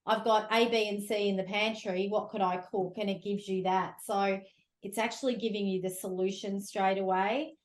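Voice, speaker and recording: A woman hosts a podcast interview with a conversational, enthusiastic manner. Her mid-pitched voice rings in a noticeably roomy echo. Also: steady tone, normal speed. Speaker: podcast host.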